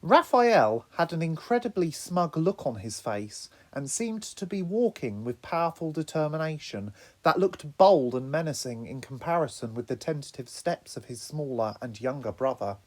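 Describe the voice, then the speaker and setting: Male narrator for an audiobook, expressive, animated delivery. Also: moderate pace, few pauses. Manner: expressive storytelling with lively pitch.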